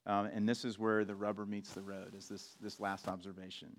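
A man preaching a sermon in a relaxed, conversational way, with frequent restarts and asides. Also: lowish voice, fairly quick. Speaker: pastor.

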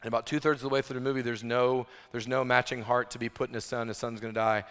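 A man's voice: medium pitch, flat delivery, fast, fairly bright tone. A man preaching a sermon as pastor, in a conversational way full of "like" and restarts. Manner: conversational, lots of "like" fillers and restarts. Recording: long reverb of a large hall.

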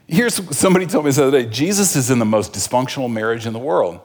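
A male pastor preaching a sermon, swinging between fervent outbursts and hushed, intimate pleas. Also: medium pitch, expressive, fast, few pauses. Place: church sanctuary. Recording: long reverb of a large hall.

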